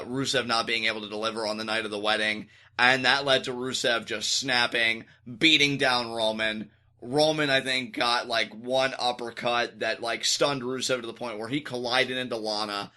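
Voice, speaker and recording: A man co-hosting a podcast, talking through a wrestling show in casual, animated chat. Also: medium pitch. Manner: animated, acts out quotes in exaggerated voices. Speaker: podcast co-host.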